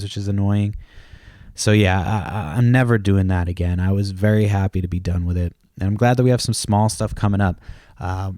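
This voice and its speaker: A man in his thirties hosts a podcast in a low, darkish voice, rambling casually, cursing a lot, and laughing at his own stories. The sound is dry and studio-clean.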